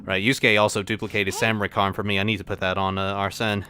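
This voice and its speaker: A man playing a video game on stream, narrating his moves in short, relaxed remarks. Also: on the low side, fast talker, slight background noise. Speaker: player and host. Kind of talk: casual let's play commentary.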